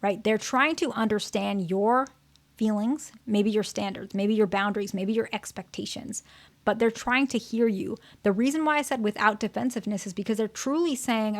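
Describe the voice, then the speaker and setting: A woman therapist at a middle pitch talks through an educational explainer. She keeps it conversational and checks in often with the listener. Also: moderate pace. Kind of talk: educational talk to camera.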